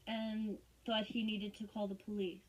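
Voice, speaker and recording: A woman's voice: mid-range voice, flat delivery, unhurried, slight background noise. A woman on a tense phone call, defensive and sarcastic, giving long rambling explanations. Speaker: caller and neighbour in a dispute.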